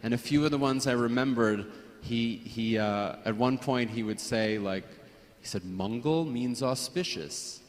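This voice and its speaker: A man sharing personal memories at a memorial gathering, hesitant, with frequent restarts and soft laughs. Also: medium pitch, steady tone, normal speed, in a large hall. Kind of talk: personal reminiscence.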